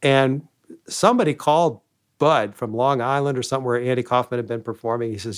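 A man who once managed a comedy club, telling animated backstage stories and acting out what people said. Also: medium pitch, brisk, smooth. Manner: animated anecdotes, acting out quoted lines. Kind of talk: storytelling interview guest.

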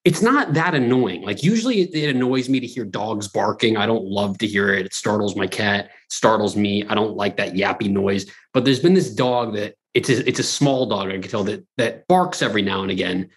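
Podcast co-host, male, slightly rough voice, chatty, restless, swears freely. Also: on the low side, a little fast, hardly any pauses. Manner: rambling, animated, lots of restarts and profanity. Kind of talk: casual podcast banter.

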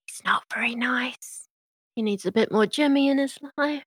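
A woman's voice: a little high, normal speed, a bit bright, breathy edge, pitched above the performer's own voice. A woman voicing a bubbly, chatty female diner owner who gossips freely.

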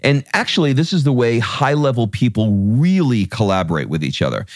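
A man's voice: mid-range voice, very animated, a little fast, darkish tone, no echo, studio quality. A man hosting a podcast, chatting casually with his wife in a brash, joking, salesy way. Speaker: podcast host.

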